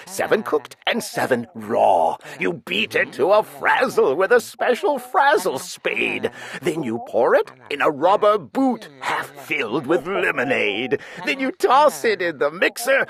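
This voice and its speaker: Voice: mid-range voice, vocal fry, fairly bright tone, exaggerated voice. A storybook reader voicing a greenish male glunk creature, smug and sweet-talking as he chatters on. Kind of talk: storybook reading.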